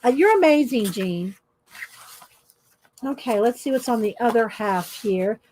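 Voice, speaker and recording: Woman, fairly high voice, chatty, laughs often, reads stories aloud with expression, at home. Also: expressive, measured pace, a little mellow, slight background noise. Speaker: art journaling video host. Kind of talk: casual chat, reading aloud.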